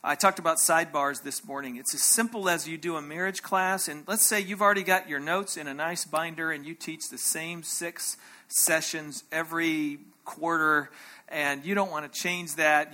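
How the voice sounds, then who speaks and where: A man's voice: on the high side, bright, forceful tone. A man teaching a conference breakout session in an emphatic way. He keeps checking in with his listeners and acts out short quoted voices. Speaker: workshop speaker.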